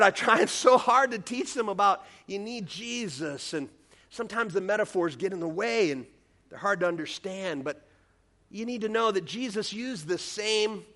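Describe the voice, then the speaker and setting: A male pastor with a bright, high voice delivers a sermon in an animated, self-deprecating way. He tells stories and breaks into squeaky comic quotes, and his tone swings between playful and earnest. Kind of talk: sermon with storytelling.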